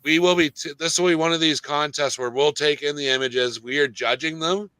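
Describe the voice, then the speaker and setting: A man's voice: on the high side, brisk, bright, forceful tone, clear, resonant tone, no echo, rough recording. A man hosting a casual panel podcast, loose and joking with plenty of fillers. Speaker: podcast host.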